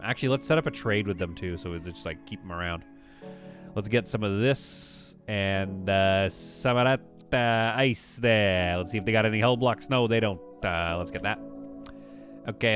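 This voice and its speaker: A man streaming a space-building game, chatting casually, rambling, and reading viewer messages aloud. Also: lowish voice. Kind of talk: casual live-stream commentary.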